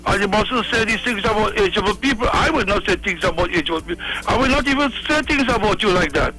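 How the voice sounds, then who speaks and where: A man's voice: high-pitched, lively intonation, fast talker, pushed and bright, low-quality recording. A man with a Trinidadian accent calling in to a radio show, lecturing another caller and stammering. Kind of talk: call-in radio talk.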